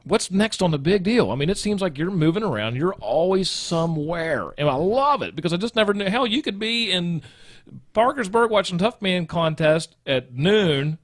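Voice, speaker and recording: A man hosting a casual podcast chat, animated and rambling with restarts. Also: high-pitched, normal speed, no room sound, clean studio sound. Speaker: podcast host. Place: small room, podcast studio.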